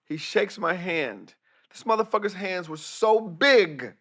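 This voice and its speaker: A comedian and director telling lively, profane anecdotes in a casual podcast chat, acting out the voices of the people in his stories. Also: high-pitched, measured pace, no echo, studio quality. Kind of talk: animated storytelling in casual chat.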